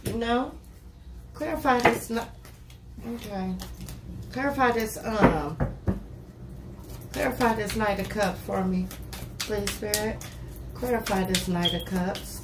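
A woman's voice: medium pitch, slow, pauses often. A woman giving a casual tarot reading to camera, talking bluntly and with plenty of swearing, often saying "you know". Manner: blunt, profane and talkative, with repeated "you know". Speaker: tarot reader. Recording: echoey room with steady noise.

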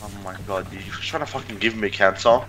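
A man's voice: lowish voice, fast, low-quality recording. A young man in crude, casual chat with friends, swearing constantly and stammering as he repeats words. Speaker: co-host.

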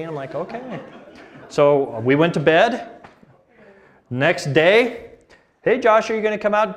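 A man's voice: sits high, expressive, moderate pace. A middle-aged man preaching a sermon, telling a family story with laughter and acted-out dialogue. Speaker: pastor.

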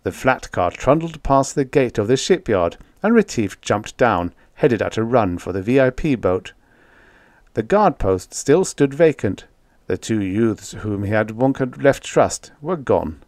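A man narrating a science fiction audiobook in an expressive, lively reading. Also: medium pitch, unhurried, dry recording, clean studio sound.

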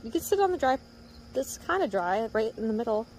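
A woman's voice: fairly high pitch, very animated, a little fast, darkish tone, slight background noise. A woman casually coaching her pet fox through tricks, coaxing and laughing as she goes. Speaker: pet owner. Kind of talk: casual pet training commentary.

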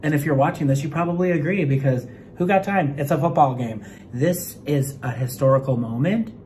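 A young man talking excitedly in a casual reaction vlog, stammering and fidgety, from a room while on a work trip, on a phone mic. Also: a little high, fairly quick, slight background noise. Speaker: vlogger.

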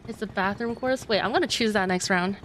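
A young woman streaming live, chatting excitedly and laughing as she plays a kart racing game. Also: medium pitch, brisk, slight background noise. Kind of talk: live gameplay commentary. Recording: game music loud behind voice.

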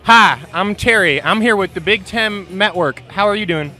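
A man joking around as a mock sports reporter, interviewing fans outdoors at a stadium tailgate with goofy, deadpan punchlines. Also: sits high, moderate pace.

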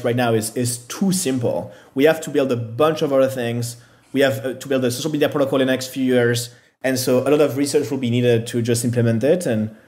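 A man's voice: mid-range voice, a little mellow. Hesitant man answering interview questions. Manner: hesitant, filler-heavy, self-deprecating. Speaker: startup founder guest.

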